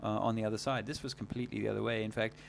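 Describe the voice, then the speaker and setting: A man hosting a livestream, talking casually in a rambling, halting way full of fillers and restarts. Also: fairly low pitch, level tone, creaky, a little hiss or hum. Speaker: livestream host.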